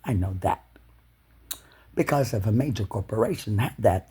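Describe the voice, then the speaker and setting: A man delivering an angry, swearing monologue to camera, ranting with loud shouted bursts. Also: lowish voice, moderate pace, breathy edge. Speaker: video blogger.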